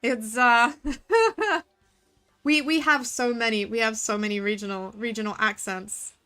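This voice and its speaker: A woman's voice: a little high, a little slow, bright, forceful tone, clean tone, soft background music. A woman with a Devon accent, streaming a game and chatting in a giggly, rambling way. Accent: Devon English. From Southwest England. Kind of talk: casual gaming commentary.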